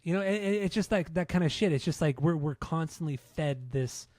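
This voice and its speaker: A man's voice: fairly high pitch, a little fast, darkish tone, dry recording. A man co-hosting a podcast, earnest and opinionated, with the odd curse word. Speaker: podcast co-host. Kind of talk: casual podcast chat.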